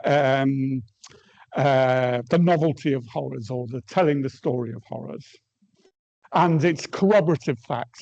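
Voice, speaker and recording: Gravelly-voiced male lecturer, muffled recording. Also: fairly high pitch, darkish tone. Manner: measured, reads quotations aloud with some hesitations. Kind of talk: academic lecture.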